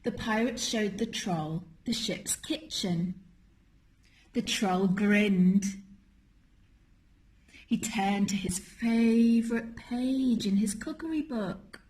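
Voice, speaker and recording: A woman's voice: mid-range voice, a little hiss or hum. A teacher, a woman, reading a children's storybook aloud with lots of expression. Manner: expressive, slow read-aloud.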